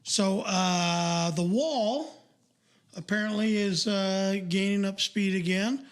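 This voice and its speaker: An older man with a high voice speaks slowly as a podcast co-host. His talk is casual and rambling, full of fillers and restarts.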